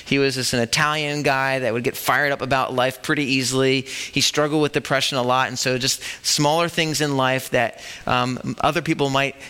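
A man's voice: medium pitch, fairly even intonation, moderate pace, hardly any pauses, pushed and bright, smooth. A man preaching a sermon at a church service, talking conversationally and asking the congregation rhetorical questions. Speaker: pastor.

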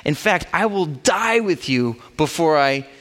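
A man voicing an excitable, brash man who protests loudly and indignantly. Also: a little high, measured pace. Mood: protesting. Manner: loud, indignant outbursts.

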